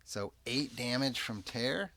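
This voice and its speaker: A man narrating and rules-explaining a solo tabletop role-playing game in an unhurried, chatty way. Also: mid-range voice, a little hiss or hum. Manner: unhurried, chatty, lively ups and downs. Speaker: game master and player.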